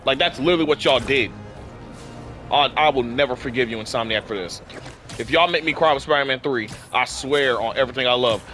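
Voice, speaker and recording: A man's voice: medium pitch, a little fast, pushed and bright, faint music behind. A young man, sick and a bit worn in the voice, ranting in exasperation as he comments on a game he is playing. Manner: ranting, exasperated, heavy use of "freaking". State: sick, voice affected. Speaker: gaming YouTuber. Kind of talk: casual gameplay commentary.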